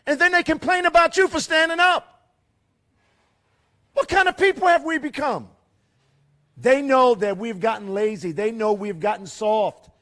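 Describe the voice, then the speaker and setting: At a fairgrounds rally, a middle-aged man with a strikingly high voice delivers a fiery, preachy speech at normal speed, pausing often. He fires off rhetorical questions and drops to a hush for emphasis.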